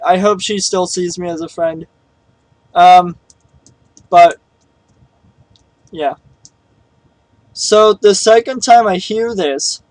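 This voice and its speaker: A man's voice: high voice, no echo, rough recording. A young man telling a story in a casual vlog, rambling and hesitant with many fillers. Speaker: vlogger.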